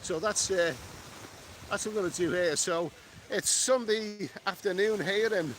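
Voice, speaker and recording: A man's voice: high-pitched, measured pace, a bit bright, slight background noise. A man with a cold walking along an island beach, reading out and answering viewer comments in a chatty live-stream vlog. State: has a cold, sniffly. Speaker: travel vlogger. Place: outdoors on a tropical island beach and town.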